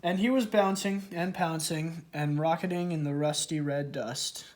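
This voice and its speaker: A man's voice: fairly high pitch, moderate pace. A man reading a children's storybook aloud, stumbling and correcting himself. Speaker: story reader.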